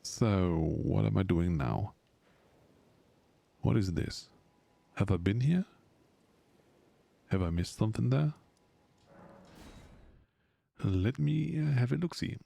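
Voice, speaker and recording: A man's voice: on the low side, expressive, takes it slowly, creaky, pauses often, mellow. A man streaming a video game, rambling casually and chatting with his viewers as he plays. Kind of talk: casual live-stream commentary while gaming.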